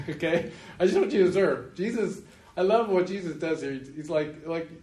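A male pastor giving a sermon emphatically, slowing down to stress key points and chuckling at his own remarks. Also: fairly high pitch, animated, darkish tone. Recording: roomy room echo, faint noise.

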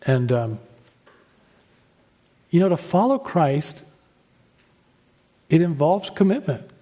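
Emphatische predikant, doffe opname. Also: male voice, fairly high pitch, sing-song, dark tone, muffled recording. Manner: emphatic preaching with dramatic pauses and rising emphasis. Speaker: pastor. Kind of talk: sermon.

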